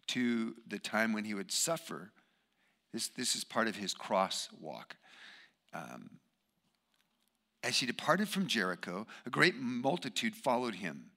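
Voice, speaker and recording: A man preaching a sermon, emphatic, swinging between loud bursts and hushed asides. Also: medium pitch.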